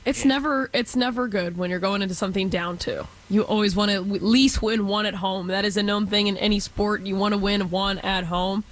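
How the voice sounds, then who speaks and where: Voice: mid-range voice, steady tone, a little fast, hardly any pauses, fairly bright tone. A person in their twenties from Texas, co-hosting a casual sports talk show and chatting with lots of fillers.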